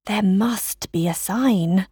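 A woman voicing a calm, reassuring mother in a read-aloud story, speaking slowly and soothingly. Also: medium pitch, breathy edge, no echo, clean studio sound.

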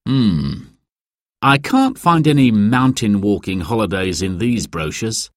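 A man's voice: lowish voice, very animated, takes it slowly, dry recording, studio quality. A man reading a friendly, thoughtful dad. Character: cheerful helpful father.

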